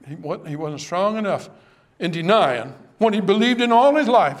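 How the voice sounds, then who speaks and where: A man with a notably high voice preaches to his congregation with dramatic passion. He leans hard on key words, then falls to a low, solemn hush. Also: expressive, moderate pace. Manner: impassioned, dramatic preaching that drops to hushed tones. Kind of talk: sermon.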